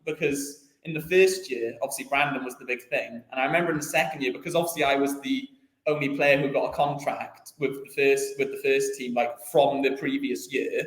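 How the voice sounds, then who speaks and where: A man's voice: medium pitch, steady tone, brisk, echoey room, low-quality recording. A young man, a footballer guest, telling stories in a casual chatty interview, rambling with lots of restarts and fillers.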